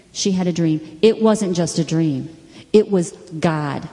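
A middle-aged woman giving an earnest personal testimony as a Bible teacher, telling stories and quoting scripture with bursts of excitement. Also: on the low side, measured pace. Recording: long hall reverb.

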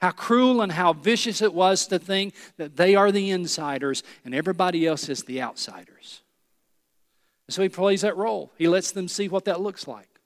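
A male pastor with a high-pitched voice delivers a sermon with dramatic pauses. His voice sinks low and quiet on key words, and it rings with a long hall reverb. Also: expressive. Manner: preaching with dramatic pauses, dropping low and soft for emphasis.

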